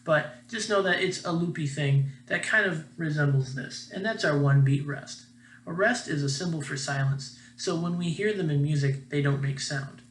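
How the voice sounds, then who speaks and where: A man's voice: fairly high pitch, moderate pace, roomy sound, slight background noise. A man teaching a children's music lesson in a friendly, upbeat way, chanting rhythm syllables.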